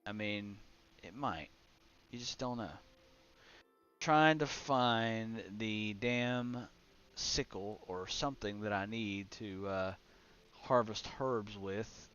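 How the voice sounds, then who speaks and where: A man's voice: on the low side, slow pace, fairly bright tone, clear, resonant tone. A young man streaming a game, muttering casually to his chat and swearing at the menus. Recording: slightly dull lo-fi stream audio with faint music.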